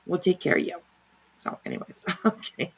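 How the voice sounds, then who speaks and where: A woman hosting a casual reaction livestream, rambling and sarcastic with lots of fillers and swearing. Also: normal speed. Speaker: livestream commentary host.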